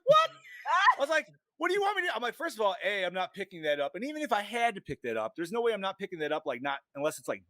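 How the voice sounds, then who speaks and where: A man's voice: fairly high pitch, vocal fry, sharp tone, no room sound. A man hosting a podcast, telling a rambling story in casual chat and swearing a lot. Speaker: podcast host.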